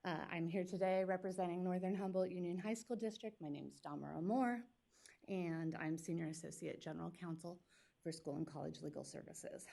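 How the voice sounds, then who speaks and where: Quick, pointed woman attorney arguing. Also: on the low side, steady tone, creaky, mellow. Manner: quick, pointed, argumentative delivery. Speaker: attorney representing a school district. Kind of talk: formal legal argument at a public hearing. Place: public meeting hearing room.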